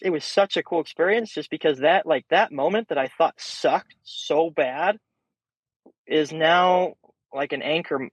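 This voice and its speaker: A young man guesting on a podcast, telling stories in a casual, animated way and swearing freely. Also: a little high, breathy edge, dry recording. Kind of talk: casual storytelling chat. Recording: dull, slightly muffled sound.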